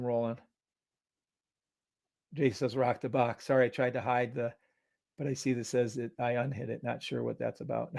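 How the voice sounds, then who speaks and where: A man hosting a live trading stream, loud and hyped, cursing freely and dropping from shouts to mutters. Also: mid-range voice, vocal fry, no echo.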